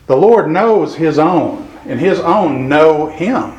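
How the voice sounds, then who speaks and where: A man preaches a sermon in an earnest, measured way, his voice sitting a little high. He reads scripture aloud slowly and leans on key words. The sound rings in a reverberant church room. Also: expressive, darkish tone.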